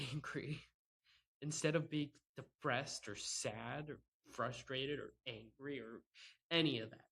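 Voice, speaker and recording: A man's voice: a little high, pushed and bright. A man hosting a solo sports podcast, ranting sarcastically and in exasperation, often breaking into laughs while talking into a laptop microphone. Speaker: podcast host. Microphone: microphone with laptop and camera.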